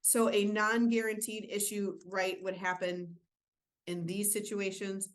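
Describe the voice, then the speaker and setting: A woman's voice: medium pitch, flat delivery, a little slow. A woman presenting an insurance training webinar, explaining rules in a casual way with filler words and joking asides. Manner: casual, self-deprecating asides.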